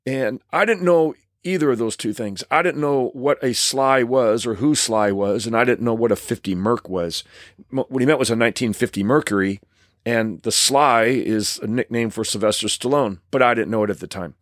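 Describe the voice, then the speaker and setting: A man in his sixties with a mid-pitched voice tells stories from his stunt career, circling back and restarting his sentences as he goes. The sound is close and dry, with no room echo. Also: normal speed. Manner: animated, rambling with many restarts. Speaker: stunt performer. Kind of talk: storytelling, reminiscing.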